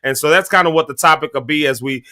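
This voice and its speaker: Bright-voiced jovial male show host. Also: on the high side, fast. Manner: jovial, laughing often. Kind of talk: casual talk show chat.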